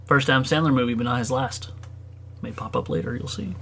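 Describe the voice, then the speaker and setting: A man's voice: mid-range voice, a little fast, fairly bright tone. A man hosting a casual podcast chat, laid-back and slangy, steering the talk with questions. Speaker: podcast host.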